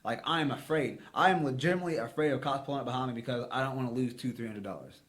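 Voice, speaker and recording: An American man co-hosting a podcast talks at a racing clip in a medium-pitched voice. In this casual discussion he gives blunt, rambling opinions laced with plenty of swearing.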